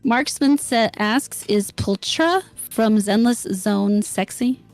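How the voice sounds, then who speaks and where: A woman's voice: a little high, takes it slowly, a little mellow, soft background music. A young woman co-hosting a podcast, reading out viewer questions and adding dry, brief remarks. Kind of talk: casual podcast chat.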